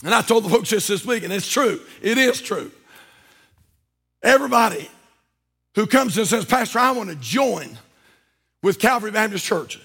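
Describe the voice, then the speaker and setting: Fervent high-voiced preaching man. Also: lively intonation, normal speed, gravelly, pauses often, husky. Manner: fervent, swings between shouting and low asides. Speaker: pastor. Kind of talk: sermon. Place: church sanctuary.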